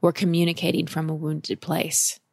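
A woman's voice: sits low, monotone, normal speed, vocal fry, slightly rough, no room sound, studio quality. A woman giving a caller direct, emphatic emotional coaching in a conversation. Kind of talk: advice conversation.

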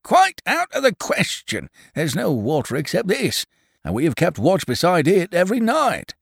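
A man voicing an excitable, stubborn old farmer who shouts his objections. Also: high voice, normal speed, gravelly, husky, dry recording, clean studio sound, voice pushed up, heavily acted. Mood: agitated. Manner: shouting, insistent.

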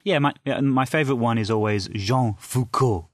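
A man's voice: mid-range voice, quick pace, no room sound, clean studio sound. A man co-hosting a philosophy podcast, talking in a playful, jokey way. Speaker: podcast co-host. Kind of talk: casual chat and comic sketch.

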